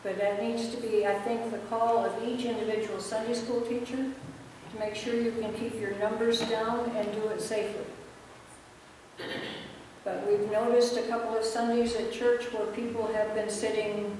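A woman pastor leading a prayer and making church announcements in a calm, measured, plain-spoken way. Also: a little high. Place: church sanctuary. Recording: echoey church hall, distant mic, faint noise.

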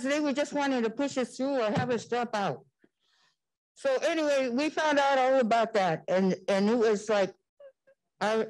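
An older woman on a community panel, recalling her school years in animated storytelling and acting out the quoted voices. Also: mid-range voice, rough recording. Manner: animated, acts out quoted dialogue.

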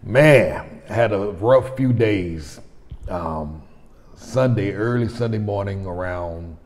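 A man's voice: lowish voice, takes it slowly, a little mellow, a little hiss or hum. A man in his forties hosting his own vlog, telling a personal story in a rambling, conversational way with frequent restarts. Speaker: vlogger host. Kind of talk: casual storytelling to camera. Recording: long reverb.

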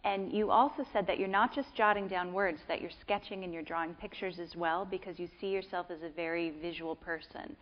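A woman moderating an onstage interview in a lecture hall, asking relaxed questions with fillers. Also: lowish voice, a little fast, hardly any pauses, dull audio.

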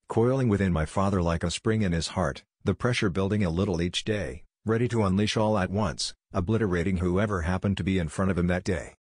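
A man narrating a first-person horror story in a measured, somber way. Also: sits low, breathy edge, dry recording, studio quality.

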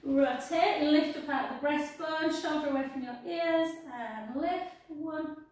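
A woman's voice: high voice, unhurried, a little mellow, far from the mic. A woman leading a workout class, counting out reps and giving cues in an encouraging way. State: out of breath at times. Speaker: fitness instructor. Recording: echoey room, voice from off the mic.

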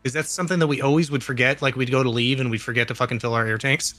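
An easygoing man talks through a co-op survival game in a mid-pitched, bright voice. Faint music plays quietly under his casual chat. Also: fairly even intonation, very fast. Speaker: co-op gaming partner.

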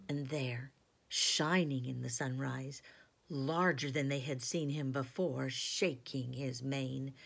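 A woman teacher reading a storybook aloud in a soft, hushed, half-whispered way. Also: rumbling low, gravelly, breathy edge.

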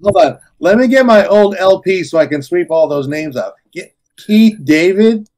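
Brief: playful man co-host, raised pitch, lots of melody in the voice. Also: lively intonation, normal speed, darkish tone. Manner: exclamatory, playful. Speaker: podcast co-host. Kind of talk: casual podcast chat.

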